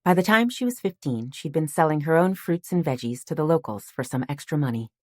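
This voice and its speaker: A woman narrating an audiobook in a calm, measured storytelling manner. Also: low-pitched, no echo. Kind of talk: scripted narration.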